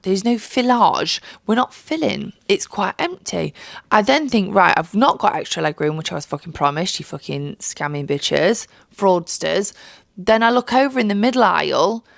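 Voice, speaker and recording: A young woman telling a travel story in a casual vlog, animated and heavily sweary, mocking people with put-on voices. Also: fairly low pitch, vocal fry, dry recording, clean studio sound. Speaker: vlogger.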